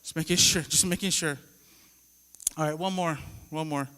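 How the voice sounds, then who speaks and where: A man's voice: a little high, fairly even intonation, moderate pace, pushed and bright, clear, resonant tone, in a large hall. A man finishing a stand-up set in front of a live audience, talking to the crowd in a confiding way. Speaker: stand-up comedian. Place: comedy show stage, live audience.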